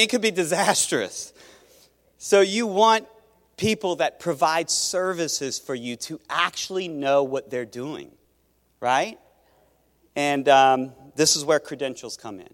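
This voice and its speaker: A man's voice: a little high, lively intonation, measured pace. A man preaching a sermon as pastor, in a conversational way that restarts phrases and questions his listeners. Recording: long reverb of a large hall.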